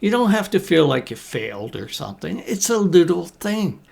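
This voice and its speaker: Encouraging male English coach, conversational, slight gravel in the voice. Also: high-pitched, very animated, a little mellow. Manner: encouraging, conversational, uses deliberate pauses. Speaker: business English teacher. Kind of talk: talking-to-camera coaching talk. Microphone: talking to camera.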